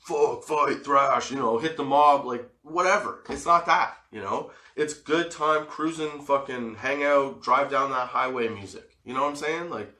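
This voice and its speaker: A man in his forties tells a story casually for a comedy podcast, animated, swearing freely and laughing often. His voice is medium-pitched and a little slow with few pauses, recorded with a roomy echo.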